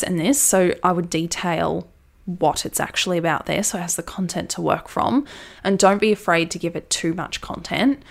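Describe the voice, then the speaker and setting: A woman giving a casual, enthusiastic how-to talk about writing content, chatty and full of fillers. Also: mid-range voice. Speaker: brand copywriting coach.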